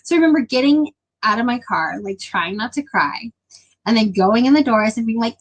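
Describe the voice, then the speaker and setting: A woman's voice: a little high, expressive, normal speed, low-quality recording. A young adult woman chatting casually with her live stream viewers, rambling with lots of filler words.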